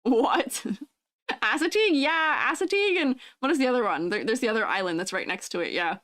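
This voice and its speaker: Bubbly woman streamer, higher voice that bounces around, dry close sound. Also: animated, moderate pace, fairly bright tone, no room sound. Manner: giggly, bubbly, reads chat aloud. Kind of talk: casual livestream chat.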